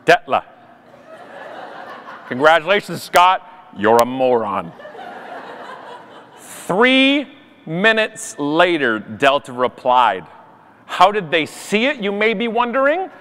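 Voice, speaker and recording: A man giving an animated, self-deprecating comic talk at a conference. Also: fairly high pitch, slow, long pauses, long reverb tail, a little hiss or hum. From Canada. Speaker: conference speaker. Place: conference stage.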